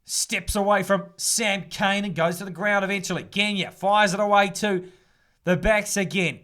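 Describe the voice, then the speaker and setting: A man doing casual live play-by-play rugby commentary, brisk and chatty. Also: high voice, fairly even intonation, fairly bright tone. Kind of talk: live fan sports commentary.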